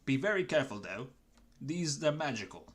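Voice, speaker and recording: A man's voice: mid-range voice, sing-song, moderate pace, voice pushed up, close to an everyday voice. Man doing a Cockney goblin leader. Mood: pleading. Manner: Michael Caine-style delivery. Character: weary pleading male goblin leader.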